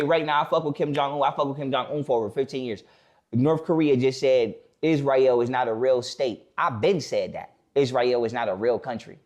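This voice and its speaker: A man talking bluntly in a casual podcast conversation. He swears freely and slows down to repeat his main points. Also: on the high side, darkish tone, lo-fi sound. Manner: blunt, profane, stops to repeat key points slowly. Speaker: podcast guest.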